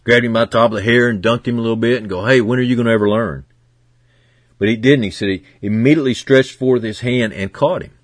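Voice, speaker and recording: A man preaching a sermon as pastor, earnest and fervent, moving from hushed passages to loud, emphatic ones. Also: medium pitch, no room sound, clean studio sound.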